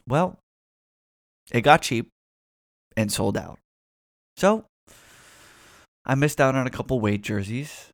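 A man's voice: mid-range voice, measured pace, long pauses, no room sound, studio quality. A man in his twenties rambling casually and profanely on his own, with frequent restarts. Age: 20s. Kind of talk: casual solo rant.

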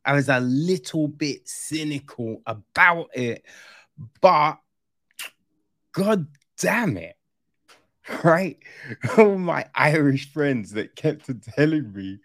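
A man's voice: a little high, expressive, slow, pauses often, a bit bright, dry recording, studio quality. A man chatting casually through a film review, rambling and often tossing in "right?" as an aside.

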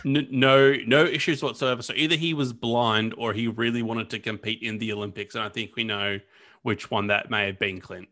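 Male podcast co-host, bright tone, mid pitch, casual and rambling. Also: fairly even intonation, normal speed. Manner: chatty, lots of fillers and restarts. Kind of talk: casual history podcast chat.

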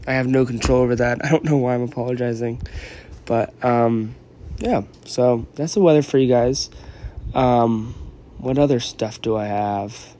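A young man with a cold rambles through his podcast, yawning between thoughts. His voice sits low and mellow, with a steady, middle pitch. He hedges, apologizes and fills pauses with ums as he goes. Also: slight background noise. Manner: meandering, apologetic, lots of ums. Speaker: vlogger and podcaster. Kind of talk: casual rambling chat.

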